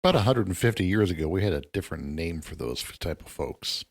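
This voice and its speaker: A man with a fairly low voice co-hosts a casual podcast, dropping in short wry quips and pointed questions. He tends to react to his partner rather than hold the floor. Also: lively intonation, fast talker. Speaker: podcast co-host.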